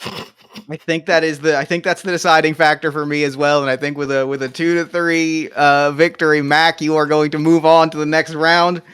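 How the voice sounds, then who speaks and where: A man's voice: a little high, level tone, normal speed, fairly bright tone, clean tone. A man hosting a comedy podcast game, officiating the rounds and announcing winners with upbeat game-show flair. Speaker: host.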